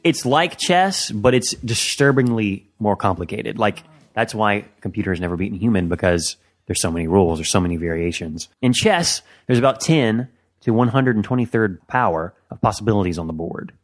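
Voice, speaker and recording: A man's voice: on the low side, animated, brisk. A man hosting a casual comedy podcast, teasing and laughing often. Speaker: podcast host.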